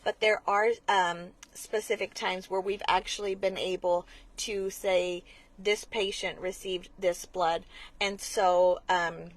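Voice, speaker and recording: A woman speaks as an interview guest, earnest and explanatory. She often restarts her sentences and fills pauses with small hesitations. Her voice sits at an ordinary middle pitch. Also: level tone. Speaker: blood center marketing manager, guest. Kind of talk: conversational interview.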